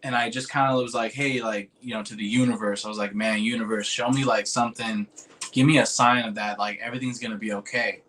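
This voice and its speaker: A man's voice: on the low side, steady tone, quick pace, fairly bright tone, a little hiss or hum. Rambling, swearing man telling a story. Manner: rambling and informal, heavy on "like" and "dude", swears freely; earnest and emotional when recalling a moving moment. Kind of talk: casual storytelling.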